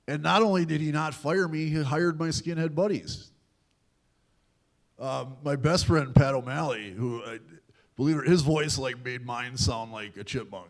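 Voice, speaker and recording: A man with a middle-pitched voice speaks at a large youth event. He tells his own story candidly, with self-deprecating humor, and briefly takes on the voices of others as he goes. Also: moderate pace, vocal fry. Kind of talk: personal storytelling talk. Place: large event hall at a university.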